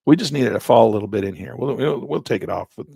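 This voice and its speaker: A hoarse man who keeps clearing his throat, thinking aloud as a trading instructor while he walks through placing trades in a live session. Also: mid-range voice, animated, brisk, warm tone, no room sound, clean studio sound.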